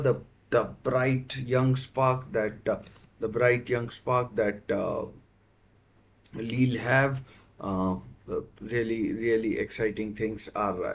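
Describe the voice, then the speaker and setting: A man hosting a live football watchalong stream, talking casually with many fillers and self-corrections. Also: mid-range voice.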